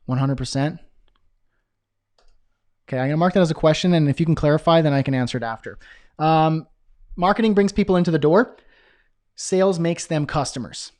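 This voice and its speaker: Upbeat, higher-voiced male coach. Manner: energetic, conversational, frequent "okay?" check-ins. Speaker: business coach. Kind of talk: live-streamed teaching with chat questions.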